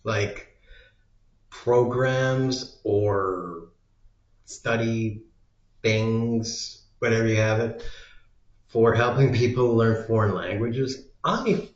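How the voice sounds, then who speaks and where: An American man musing aloud in a slow, meandering solo monologue, trailing off into fillers. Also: on the low side. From United States. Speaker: vlogger. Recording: dull lo-fi sound in an echoey room.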